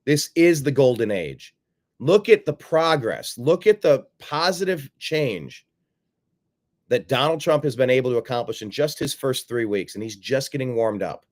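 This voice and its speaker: A man's voice: medium pitch, animated, normal speed. A man hosting a political commentary show, combative and sarcastic, repeating phrases for emphasis. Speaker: host.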